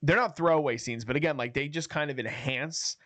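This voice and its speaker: A man co-hosting a casual TV review podcast, animated and retelling scenes with swearing. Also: fairly high pitch, a little fast, no room sound. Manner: animated, acts out scenes with profanity. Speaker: podcast co-host.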